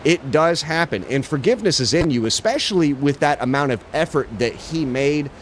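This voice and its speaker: A man's voice: on the high side, lively intonation, moderate pace, slight background noise. Laid-back streamer man saying bro a lot. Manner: laid-back, swearing, lots of "bro" and "dude". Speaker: livestreamer. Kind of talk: casual chat while gaming.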